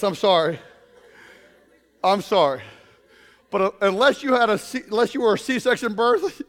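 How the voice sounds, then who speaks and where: A man preaching a humorous sermon to a congregation, telling stories in an animated way with bursts of shouting. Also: very high voice, in a large hall. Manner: animated storytelling with comic shouted outbursts. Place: congregation in a room.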